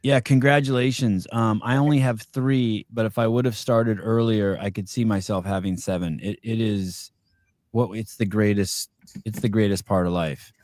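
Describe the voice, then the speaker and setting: A man in his forties hosting a podcast, telling self-deprecating stories in relaxed casual chat. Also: on the low side, moderate pace, no echo, clean studio sound. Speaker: podcast host.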